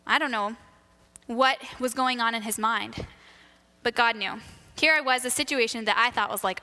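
A woman telling a church testimony in a lively storytelling way, acting out the voices of the people in her stories. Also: fairly high pitch, fairly quick, long reverb tail. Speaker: church member sharing a testimony.

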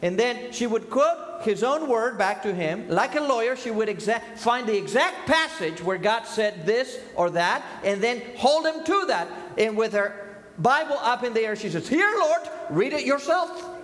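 Older preacher in an echoey hall. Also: male voice, expressive, moderate pace, few pauses. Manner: emphatic, swinging from loud high bursts to quiet low asides. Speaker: pastor. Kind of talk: sermon. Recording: echoey hall with long reverb, faint hum.

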